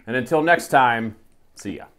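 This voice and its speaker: A man's voice: mid-range voice, normal speed, smooth. A man co-hosting as a butcher, chatting casually and teasing his partner while they taste the food. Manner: teasing, relaxed. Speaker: butcher and co-host. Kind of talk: casual tasting chat.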